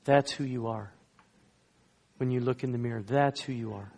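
A man, a guest pastor, telling a story in a sermon, swinging between loud emphatic lines and hushed soft ones. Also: medium pitch, normal speed. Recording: long reverb in a large hall.

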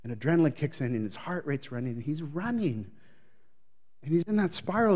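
A male pastor preaching a sermon, telling a scripture story dramatically, building his voice up and dropping it low. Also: expressive, brisk. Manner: dramatic storytelling, voicing the prophet's panic; varies loudness widely, building up then dropping low.

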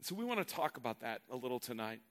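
A man's voice: medium pitch, sing-song, fast, fairly bright tone. A male pastor preaching a sermon in an earnest, emphatic way, often repeating words as he builds a point.

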